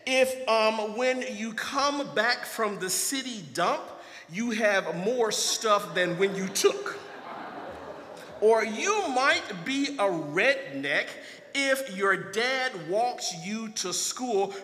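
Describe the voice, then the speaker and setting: High-voiced folksy priest in an echoey church. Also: male voice, lively intonation, slow pace, sharp tone, a little hiss or hum. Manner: folksy, joking, talks directly to the congregation. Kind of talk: sermon. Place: large church. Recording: echoey church hall, long reverb.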